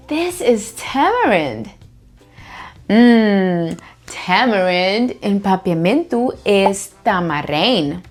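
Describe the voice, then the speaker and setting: A woman teaching vocabulary to toddlers, prompting children to repeat each word slowly after her. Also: medium pitch.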